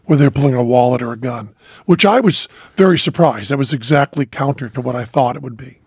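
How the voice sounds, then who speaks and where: Husky-voiced man telling stage stories. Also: mid-range voice, fast, a little mellow, no room sound, studio quality. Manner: storytelling, reflective, with many fillers and restarts. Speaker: podcast host. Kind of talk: casual conversation.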